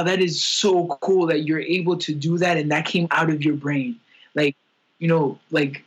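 A young man with a husky, slightly raised voice rambles through a casual podcast chat. He talks candidly about his feelings, piling on fillers and restarts. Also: a little high, low-quality recording.

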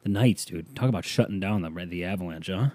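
A man hosting his own podcast in loose, joking casual chat, rambling with sudden jumps in pitch. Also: fairly quick, darkish tone, no room sound. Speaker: podcast host.

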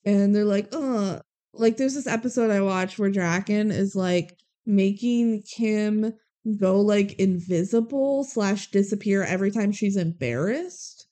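A woman co-hosting a podcast, chatting about a movie with playful asides and quick laughter. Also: mid-range voice, mellow. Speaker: podcast co-host. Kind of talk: casual movie recap chat.

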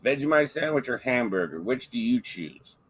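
A man's voice: mid-range voice, big pitch swings, normal speed, a bit bright, breathy edge. A man co-hosting a horror podcast, joking in crude, playful banter. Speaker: podcast co-host. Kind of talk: casual chat.

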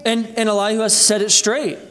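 A pastor delivers a sermon in a church sanctuary at a brisk pace and in a level tone, earnestly calling his listeners brethren. At points of emphasis his voice climbs high and loud, then falls low and quiet.

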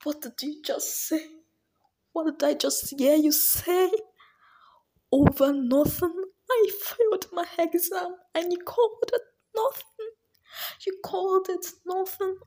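A woman's voice: sits high, lively intonation, takes it slowly, pauses often, a little hiss or hum, voice pushed up. A woman voicing a teenage schoolgirl who failed her exams, wailing and indignant through her tears. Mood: upset, tearful.

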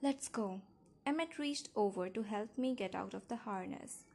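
A woman's voice: medium pitch, lively intonation, normal speed, creaky, a little mellow. A woman narrating a first-person novel in an intimate, emotional storytelling manner. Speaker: audiobook narrator.

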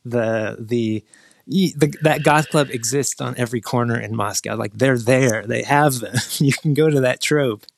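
A man with a medium-pitched voice and some vocal fry tells a long, rambling travel story in a casual chat, speaking at normal speed. He restarts his sentences often and mimics the people he quotes. There's no echo.

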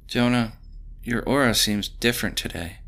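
A man voicing a calm, perceptive woman who reads auras, asking soft, probing questions. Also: mid-range voice, normal speed, voice pushed up, close to an everyday voice. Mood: questioning.

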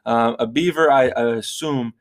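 A man's voice: medium pitch, normal speed. A young man co-hosting a casual podcast chat, telling a funny story, laughing often and making silly animal noises. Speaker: podcast co-host.

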